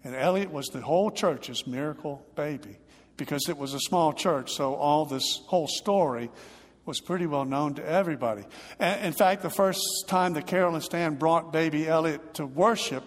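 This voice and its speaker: A man delivering a sermon as a pastor, telling a story earnestly and growing softer toward the end. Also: on the high side, moderate pace, long reverb tail.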